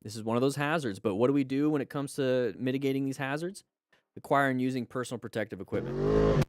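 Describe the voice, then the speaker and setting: A man hosting a live stream, reviewing motorcycle crash videos and coaching viewers with lively exclamations. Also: mid-range voice, quick pace, gravelly.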